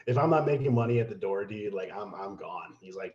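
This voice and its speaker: In roomy, slightly dull podcast audio, a man whose voice is on the low side talks a little fast. He's a guest telling a story, animated, casual and profane, imitating the people he quotes.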